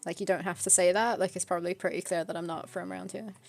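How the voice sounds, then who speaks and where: A woman's voice: fairly low pitch, fairly even intonation, fast talker, creaky, soft background music. A British woman chatting casually on a stream, telling a story with lots of fillers and restarts. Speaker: streamer co-host. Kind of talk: casual chat.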